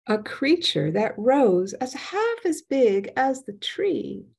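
A woman telling a folk tale aloud in an expressive storytelling manner. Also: high voice, slow pace, creaky, breathy edge. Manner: expressive, lively delivery. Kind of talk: storytelling narration.

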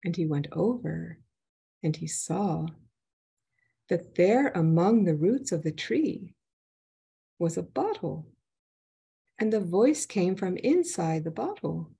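A woman telling a folk tale aloud in an expressive storytelling manner. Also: on the low side, slow pace, creaky, long pauses, breathy edge. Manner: expressive, lively delivery. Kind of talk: storytelling narration.

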